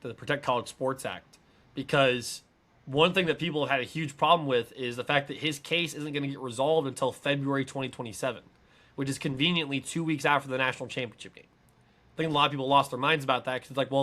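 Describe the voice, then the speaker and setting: Bright-voiced emphatic podcast guy. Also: mid-range voice. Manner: emphatic, builds to excited peaks. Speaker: podcast co-host. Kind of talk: casual sports podcast chat.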